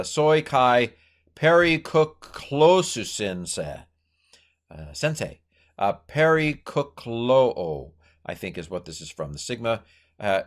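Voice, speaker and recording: A middle-aged man teaching Greek grammar informally, thinking aloud with many fillers and corrections and playful asides. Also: mid-range voice. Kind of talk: informal Bible language lesson.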